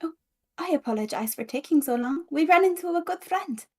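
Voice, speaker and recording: A woman voicing a bubbly adventurer in a tabletop game, excitable and chirpy. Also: sits high, fairly quick. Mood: cheerful. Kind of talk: tabletop role-play.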